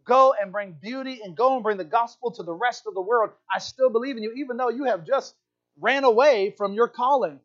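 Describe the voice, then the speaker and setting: Pastor, male, high voice, lively and joking, preaching in church, dull lo-fi recording. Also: brisk. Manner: animated, playful asides, keeps asking "right?". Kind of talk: sermon. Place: church hall.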